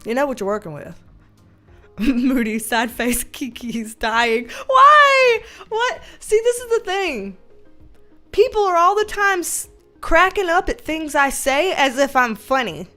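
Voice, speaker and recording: Woman, high bright voice, giggly, chatty livestream host, faint music underneath. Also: measured pace. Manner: laughs often, animated and playful. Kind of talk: casual livestream chat reading comments.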